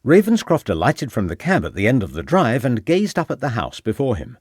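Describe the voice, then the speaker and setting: A man narrating a detective novel audiobook in a measured, expressive way. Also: mid-range voice, slightly rough, no room sound, studio quality. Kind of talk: scripted narration.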